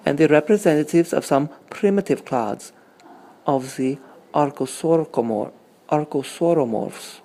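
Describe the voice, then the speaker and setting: A man's voice: fairly high pitch, creaky, warm tone, a little hiss or hum. A man reading museum exhibit signs aloud in an improvised put-on accent, in a raised, stilted, careful voice.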